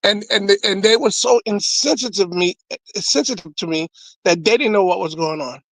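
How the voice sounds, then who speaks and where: High-pitched comedian guy telling his testimony, animated, repeats himself. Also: normal speed, dry recording, poor audio. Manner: animated, repeats words, laughs. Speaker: guest comedian. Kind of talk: comic testimony storytelling.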